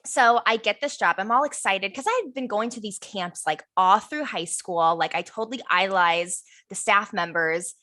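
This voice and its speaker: A woman's voice: mid-range voice, moderate pace, few pauses, sharp tone. A young woman co-hosting a podcast, telling a story in casual chat and acting out what people said. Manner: bubbly storyteller, acts out quotes. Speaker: podcast co-host.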